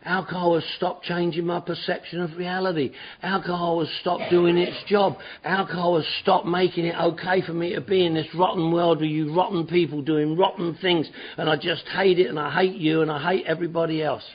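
A man's voice: a little high, flat delivery, brisk, few pauses. A man giving a personal recovery testimony at a meeting, rambling and repetitive with stammering restarts. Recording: dull lo-fi recording.

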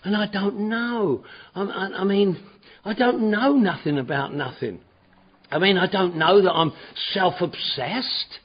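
A man's voice: high voice, measured pace, slightly rough. A man giving a personal recovery testimony at a meeting, rambling and repetitive with stammering restarts. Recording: dull lo-fi recording.

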